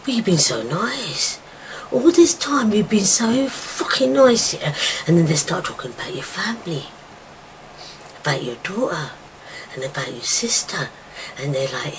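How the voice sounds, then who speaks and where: Middle-aged woman, low voice, raw and emotional personal account, jumps from shouting to whispering, faint background hiss. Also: very animated, a little slow, poor audio. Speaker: mother telling her daughter her story.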